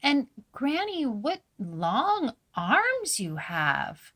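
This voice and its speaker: Woman as a sweet little storybook girl, high and sing-song, slow. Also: wildly swooping pitch, sharp tone, heavily acted. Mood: innocent. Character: sweet innocent little girl, Red Riding Hood.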